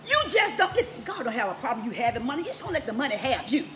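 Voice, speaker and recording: A woman preaching on a live stream, emphatic and repetitive, often laughing and breaking into shouts. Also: high-pitched, very animated, rapid-fire, over loud music.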